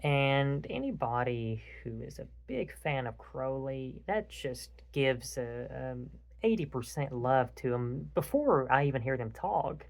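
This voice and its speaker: A man with a gravelly, mid-pitched voice talks in a loose, rambling way. He tells an animated story to a friend and swears freely. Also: unhurried. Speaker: podcast host. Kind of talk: casual chat.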